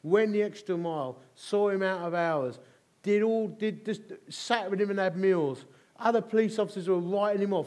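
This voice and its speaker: A man's voice: high-pitched, normal speed. A middle-aged man preaching a sermon, telling stories with humour and emphatic repetition. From England. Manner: animated, humorous, emphatic repetition. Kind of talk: sermon with storytelling.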